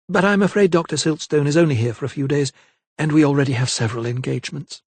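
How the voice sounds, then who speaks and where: A man doing a brusque, bitter young gentlewoman. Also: a little high, fast talker, slightly rough, no room sound, pitched above the performer's own voice. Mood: firm, bitter. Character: proud, agitated young gentlewoman. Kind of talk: audiobook character voice.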